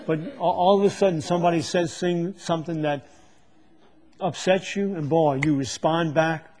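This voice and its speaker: A man's voice: fairly high pitch, fairly even intonation, normal speed, a little mellow. A man preaching a sermon to a live congregation, teaching from the Bible and often stopping to repeat words as he searches for them.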